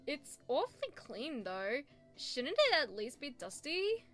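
High, lively woman gaming with a friend. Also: unhurried, faint music behind. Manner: giggly, reads game text with playful voices. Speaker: let's play co-host. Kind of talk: casual gameplay chat, reading dialogue aloud.

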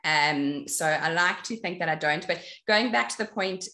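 Low-voiced woman in an echoey room. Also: moderate pace, sharp tone. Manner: earnest, explaining with examples. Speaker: panelist. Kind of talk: casual chat.

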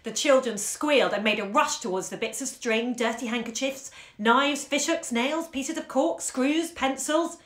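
A woman hosting a bookshop series reads a short story aloud at home into a phone, animated and acting out the action. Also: high-pitched, moderate pace, hardly any pauses. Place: room at home. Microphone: phone on a live stream. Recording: roomy echo.

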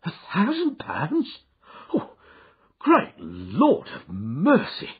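A man voicing an excitable, flustered doorman who talks in a breathless, stammering rush, in a dull, muffled recording. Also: on the high side, extremely slow, breathy edge, pitched above the performer's own voice, exaggerated voice. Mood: awed. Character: excitable working-class male doorman, flustered. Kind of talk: audiobook character reading.

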